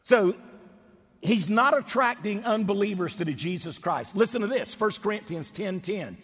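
Husky preacher in a big echoing hall. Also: male voice, sits high, expressive, normal speed, a bit bright. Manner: emphatic preaching, stretches key words. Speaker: pastor. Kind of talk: sermon.

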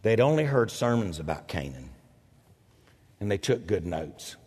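An older man preaching a storytelling sermon, animated and self-mocking, with a husky voice. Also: a little slow. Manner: animated, self-mocking, jumps into loud high quoted voices. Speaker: pastor. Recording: echoey hall.

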